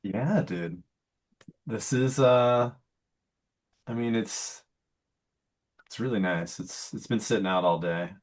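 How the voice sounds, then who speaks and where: A man in casual podcast chat, relaxed and trailing off. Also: fairly low pitch, takes it slowly, pauses often.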